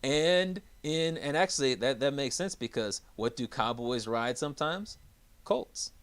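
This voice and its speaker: A man's voice: medium pitch, animated, normal speed, fairly bright tone, clean tone. A man co-hosting a sports talk podcast, with upbeat, hype announcer energy in casual chat. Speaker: podcast co-host.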